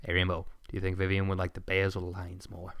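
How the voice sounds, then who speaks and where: A man playing a callous young father who talks in a deadpan, sarcastic way. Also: low voice, fast talker, dry recording, clean studio sound, pitched below the performer's own voice. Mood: coaxing.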